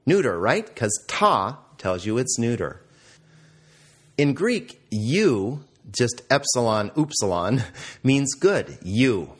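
A man's voice: mid-range voice, very animated, takes it slowly, slightly rough. A man teaching a Greek grammar lesson, explaining patiently and quizzing the listener.

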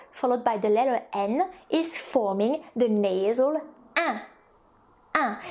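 A woman's voice: fairly high pitch, a little mellow. French-accented woman teaching a language course. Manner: explains step by step with many fillers and restarts. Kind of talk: recorded online course lesson.

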